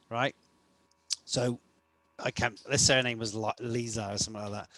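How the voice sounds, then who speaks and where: A man who co-hosts a casual podcast and works as a coach tells long, rambling stories about clients, full of restarts and asides. His mid-range voice is steady and sharp, at normal speed with frequent pauses, and there is no room sound.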